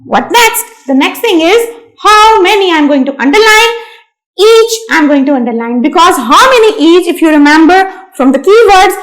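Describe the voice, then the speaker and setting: A woman teaching a lesson to young children, speaking slowly and emphatically, repeating key words and calling her listeners "my dear students". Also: very high voice, poor audio.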